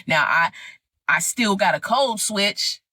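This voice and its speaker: A middle-aged woman sharing her personal story with animated, emphatic conviction. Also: medium pitch, slow, no room sound. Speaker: guest. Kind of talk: personal testimony in conversation.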